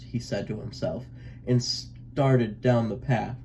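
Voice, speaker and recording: A man reading a children's picture book aloud in an unhurried, expressive storytelling manner. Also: mid-range voice, slight background noise, rough recording.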